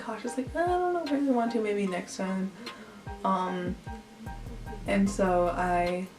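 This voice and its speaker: A young woman vlogger telling a storytime tale in a chatty way, full of "like.". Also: lowish voice. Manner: chatty, heavy use of "like". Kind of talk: storytime vlog. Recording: echoey room, distant mic, faint music.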